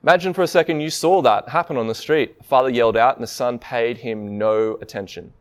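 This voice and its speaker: A man's voice: medium pitch, brisk. A man preaching a sermon in a conversational way, often asking the listeners rhetorical questions.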